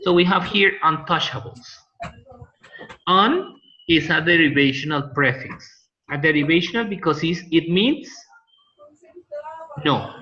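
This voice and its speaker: Male teacher, slightly high, bright tone, patient quizzing style, muffled call audio. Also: lively intonation, unhurried, pauses often. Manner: patient, asks students questions and repeats answers. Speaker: linguistics teacher. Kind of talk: classroom lecture over a call.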